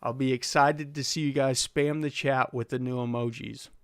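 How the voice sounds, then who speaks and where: A man with a smooth, steady, medium-pitched voice hosts a live car tuning stream at a moderate pace. He's laid-back, chuckles often, and reads viewers' questions from the chat aloud before answering. The recording is dry and studio quality.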